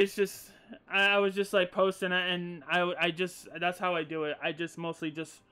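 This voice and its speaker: A man's voice: high-pitched, flat delivery, moderate pace, pushed and bright, smooth, faint music behind. A man streaming live and chatting casually with viewers, rambling and swearing freely, a bit loopy after a sneezing fit.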